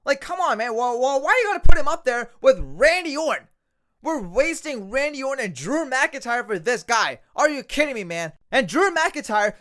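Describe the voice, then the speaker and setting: Male wrestling reviewer, high voice, ranting, exasperated, repetitive rhetorical questions. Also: very animated, moderate pace, pushed and bright.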